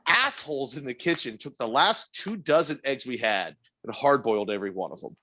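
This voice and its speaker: A man's voice: mid-range voice, fairly quick. A man co-hosting a podcast, telling a frustrating work story in casual chat, exasperated and swearing, his voice jumping up in disbelief. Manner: animated, exasperated, swears freely, rising to near-shouts. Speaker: podcast co-host.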